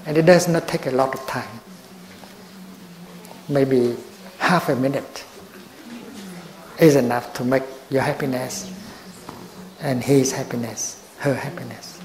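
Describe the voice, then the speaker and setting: An older man giving a slow, gentle dharma talk as a Buddhist teacher. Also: medium pitch, fairly even intonation. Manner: slow and gentle, with long pauses. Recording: roomy echo.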